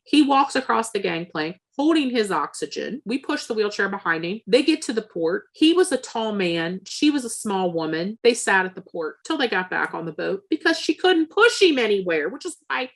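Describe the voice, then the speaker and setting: A woman's voice: mid-range voice, moderate pace, gravelly, hardly any pauses. A woman telling a long story as an interview guest, acting out the voices of the people she quotes. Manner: animated, acts out quoted exchanges. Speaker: interview guest, former seller.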